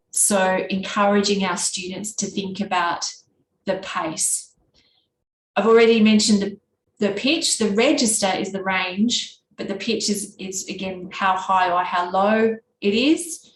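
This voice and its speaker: A woman's voice: mid-range voice, unhurried. Aussie lady, nasal, running a teacher workshop, bit of a roomy echo. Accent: Australian East Coast. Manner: can be monotone; conversational, with fillers and restarts. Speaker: workshop presenter. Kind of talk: workshop talk. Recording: echoey room with faint background noise.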